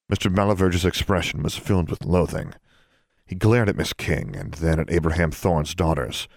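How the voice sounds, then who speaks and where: A man narrating a story in a steady, measured read. His voice is very low and deep. The recording is close and dry, with no room sound. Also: creaky, no room sound. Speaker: audiobook narrator. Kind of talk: scripted narration.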